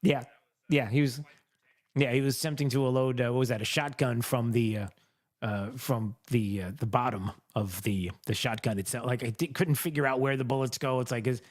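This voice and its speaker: A man's voice: medium pitch, steady tone, moderate pace. A male host giving sarcastic, mocking political commentary on a microphone.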